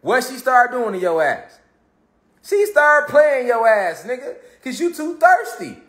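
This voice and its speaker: High-pitched guy giving a swearing pep talk, slangy, gets loud then soft, echoey room. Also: a little slow. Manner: animated, swears freely, slangy, swings between loud and soft. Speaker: motivational speaker. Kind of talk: casual motivational talk. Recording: roomy echo.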